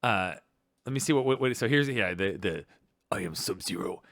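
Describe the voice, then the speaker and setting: A man co-hosting a casual podcast chat, rambling with many restarts and bursts of excitement. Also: mid-range voice, fairly quick, dry recording, studio quality. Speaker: podcast co-host.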